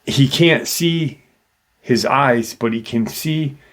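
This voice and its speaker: A man's voice: medium pitch, takes it slowly, fairly bright tone. A man hosting a paranormal channel, casually retelling a witness's encounter with loose fillers.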